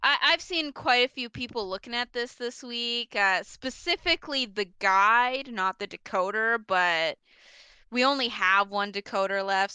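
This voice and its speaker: Woman player, bright crisp voice, breezy teasing delivery. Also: mid-range voice, no echo. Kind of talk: in-character tabletop play.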